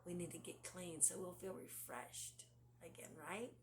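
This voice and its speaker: A woman giving a conversational devotional talk. She asks the listener many rhetorical questions, sometimes sinks to a hush, and reads scripture slowly. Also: on the low side, fairly even intonation, noisy background. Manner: drops to a hushed, near-whispered delivery at times. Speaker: devotional speaker.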